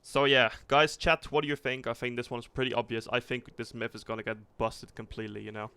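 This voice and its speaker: A man streaming a tank game live, thinking aloud in a rambling, relaxed way and swearing casually as he sets up a test with viewers. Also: mid-range voice, a little fast, smooth. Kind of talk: casual livestream commentary.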